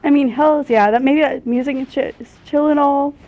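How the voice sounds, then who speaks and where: A woman's voice: high voice, fairly even intonation, normal speed, highs cut off, close to an everyday voice. A woman playing a spacey, slacker young pop star in a comedy sketch, rambling in a laid-back, slangy drawl. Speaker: celebrity guest parody.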